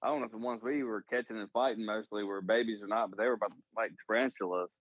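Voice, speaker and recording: A man's voice: lowish voice, fairly even intonation, fast talker, no echo, phone-quality sound. A man, an army veteran and podcast guest, talking in a laid-back way and often saying "man". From United States. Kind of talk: casual interview chat.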